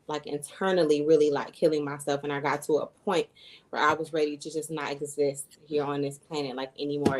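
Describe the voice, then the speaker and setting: Woman, thirties, low voice, earnest and reflective, podcast interview guest. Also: a little mellow, a little hiss or hum, low-quality recording. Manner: earnest, reflective, with fillers and self-quotes. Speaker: guest, human design coach and astrologer. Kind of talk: personal story in a podcast interview.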